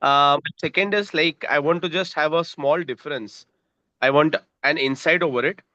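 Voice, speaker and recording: A man's voice: a little high, normal speed, sharp tone, no echo. A man, an audience member asking questions at an online conference, very polite and formal, with repeated thanks. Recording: dull, dry lo-fi call audio.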